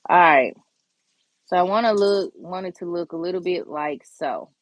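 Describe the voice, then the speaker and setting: A woman hosting a nail art tutorial, chatting casually and encouraging viewers, sometimes dropping to a soft whisper while she works. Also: on the low side, moderate pace, no echo. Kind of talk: casual step-by-step tutorial chat.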